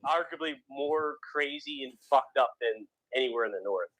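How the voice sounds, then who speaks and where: A man's voice: medium pitch, normal speed, a bit bright, low-quality recording. A man from the US East Coast with a slight Philadelphia accent, co-hosting a casual podcast chat with frequent restarts. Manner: rambling, restarts often, opinionated. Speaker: podcast co-host.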